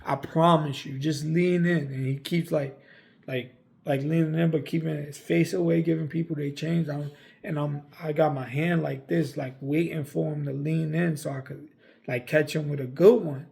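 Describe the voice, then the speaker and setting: A man's voice: fairly high pitch, fairly even intonation, moderate pace, gravelly, warm tone. A young man from the United States telling a story, rambling with lots of fillers and cursing. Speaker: vlogger. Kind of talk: casual storytelling.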